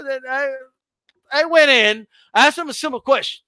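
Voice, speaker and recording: High pitched guy ranting on his boxing stream, bright edgy voice, cussing and tripping over words. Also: moderate pace, no room sound. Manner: fiery, profane, repetitive, stammering restarts. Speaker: boxing livestream host. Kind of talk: heated livestream rant.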